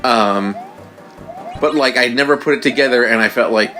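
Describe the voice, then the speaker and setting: A man's voice: medium pitch, normal speed, soft background music. A man co-hosting a video game let's play, telling rambling stories in casual chat and laughing often. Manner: rambling, animated storyteller who laughs often.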